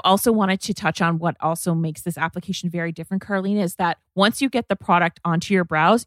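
Woman, podcast host, chatty and casual, slightly low voice, dry close recording. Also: no room sound. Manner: chatty, filler-heavy product talk.

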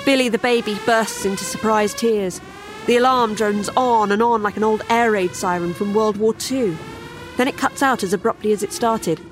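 Wry woman narrating a horror tale. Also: mid-range voice. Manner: wry, sardonic storytelling. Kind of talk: first-person horror story narration.

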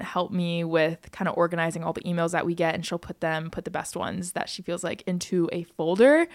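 A young American woman hosting a podcast, chatting casually and bubbly, speeding up in quick bursts with frequent laughs. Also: fairly low pitch, dry recording, clean studio sound. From United States. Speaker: podcast host.

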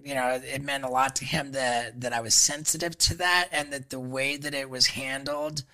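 Man, podcast guest, very sharp tense timbre, mid-range pitch, halting, restarts, swears freely, casual storytelling. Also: fairly even intonation. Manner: halting, stacks fillers and restarts.

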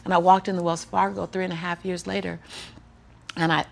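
Gravelly, animated woman storyteller. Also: lowish voice, a little fast. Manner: animated, acts out the people in her story; preaching cadence, repeats key phrases. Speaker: motivational speaker. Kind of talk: personal storytelling in an interview.

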